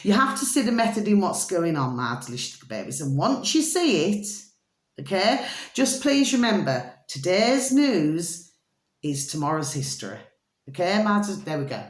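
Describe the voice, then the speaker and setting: A woman's voice: mid-range voice, big pitch swings, unhurried. A woman vlogging in casual commentary, emphatic and constantly asking her viewers whether they see her point. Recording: roomy echo.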